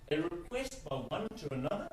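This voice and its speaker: Male advocate, courtroom argument, lively pitch swings, slightly high voice, echoey hall, heard from afar. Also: a little fast. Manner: emphatic, repeats key words for stress. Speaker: advocate arguing before a court. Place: large courtroom. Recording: echoey courtroom, distant mic, faint hum.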